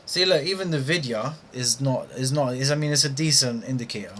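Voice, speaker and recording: A man's voice: medium pitch, fairly quick, a bit bright, slight background noise. A young British man talking through live trades with slangy, frustrated asides to himself. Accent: British English. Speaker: trading streamer. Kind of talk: live trading commentary.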